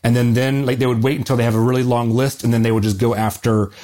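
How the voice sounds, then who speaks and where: A man with a warm, mellow voice speaks earnestly in a casual interview. He explains history with plenty of fillers and self-corrections, never rushing to sound polished. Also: mid-range voice, flat delivery. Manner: earnest, many fillers and restarts. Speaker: guest historian. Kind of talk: conversational interview answers.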